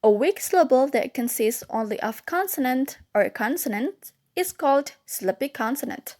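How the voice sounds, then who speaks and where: A woman's voice: sits high, animated, moderate pace, darkish tone. A young woman narrating a scripted lesson, carefully sounding out vowels and letters one at a time. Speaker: teacher.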